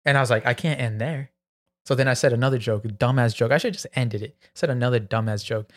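A man's voice: mid-range voice, fairly even intonation, fast. A young man co-hosting a podcast, casually telling a story about his own stand-up set, swearing freely and acting out what he said back then. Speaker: podcast host.

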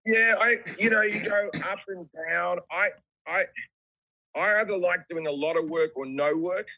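An Australian man in his forties with a bright, forceful voice and a slightly raised pitch. He chats on a video call, laid-back and self-deprecating, dropping casual swears. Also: moderate pace, rough recording. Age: 40s. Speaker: comedian guest. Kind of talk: casual podcast chat.

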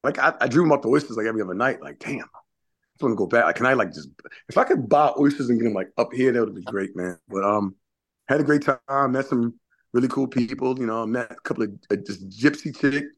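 A man's voice: medium pitch, expressive, quick pace. A man co-hosting a podcast, telling a rambling, filler-heavy story in casual chat. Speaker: podcast host.

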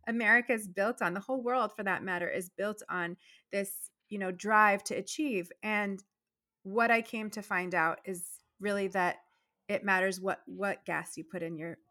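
A woman's voice: medium pitch, fairly even intonation, normal speed, pushed and bright. A middle-aged woman, a dentist and entrepreneur, telling her story animatedly in an interview, drifting into tangents. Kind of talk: casual interview conversation.

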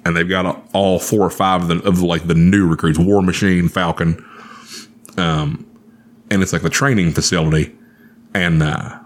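Casting: very low-voiced man, swearing, animated storyteller on a chat show.

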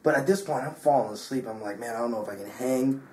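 A slightly drunk man, a DJ, telling a story in an excitable, casual way, swearing often and full of filler words. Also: medium pitch, fast talker, reverberant, a little hiss or hum. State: a bit drunk. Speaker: DJ and guest. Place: hotel room.

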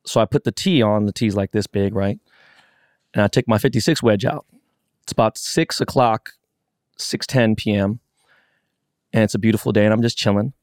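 Low-voiced man, swearing storyteller. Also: moderate pace, long pauses, dry recording, studio quality. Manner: excited, profane storytelling. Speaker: podcast co-host. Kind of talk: casual chat.

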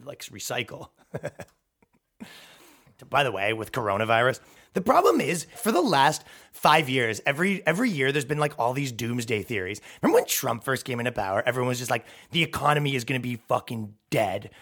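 Man, podcast host, sarcastic mocking rant, profane, mid-pitched voice. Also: big pitch swings, a little fast, a bit bright. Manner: sarcastic, mocking, swearing, acts out quoted people. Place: downtown New York apartment.

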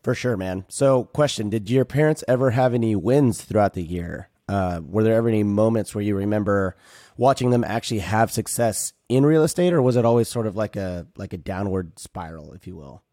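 A man co-hosting a podcast, asking the guest measured, thoughtful questions. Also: on the low side, dark tone, dry recording, clean studio sound. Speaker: podcast co-host. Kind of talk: interview questioning.

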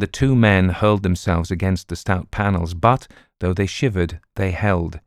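A man narrating a classic novel as an audiobook in a measured, dramatic style. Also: sits low, smooth, no room sound, studio quality.

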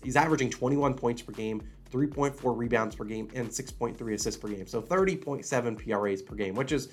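A man hosting a sports betting channel, talking through his picks in a casual, animated way, sounding slightly under the weather. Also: medium pitch, a little hiss or hum. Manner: fast, animated, conversational with restarts. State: slightly unwell.

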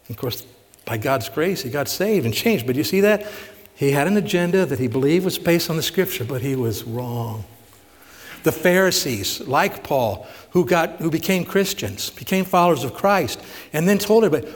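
A man's voice: a little high, expressive, normal speed. Man preaching in a reverberant church hall. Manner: asks rhetorical questions, retells stories with emphasis. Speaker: pastor. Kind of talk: conversational sermon.

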